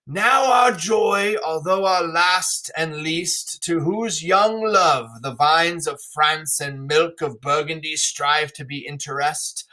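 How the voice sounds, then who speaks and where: A male teacher reading aloud the part of a proud, furious aging king in a classroom read-through, slow and declaiming. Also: a little high, full character voice. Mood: grand. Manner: slow, declaiming, rising to shouts.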